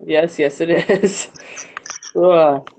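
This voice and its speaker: A young adult student chatting casually in a study group on a call, joking and quick to laugh. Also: medium pitch, fairly even intonation, a little mellow. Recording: dull audio with faint noise.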